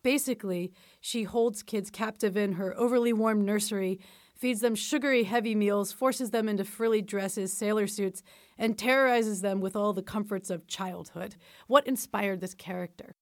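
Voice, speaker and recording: A woman's voice: mid-range voice, normal speed, dry recording, studio quality. A woman interviewing an author, friendly, laughing along and summing up the books. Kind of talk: casual interview.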